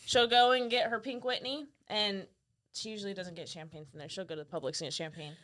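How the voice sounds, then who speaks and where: A woman's voice: mid-range voice, fairly even intonation, fast talker, a bit bright. A woman guest in a casual interview, chatting in a rambling way about her routine. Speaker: podcast guest, bodybuilding competitor.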